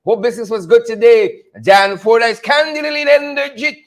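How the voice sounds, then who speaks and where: A male podcast host greeting viewers by name on a live stream, energetic and hype. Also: very high voice, moderate pace.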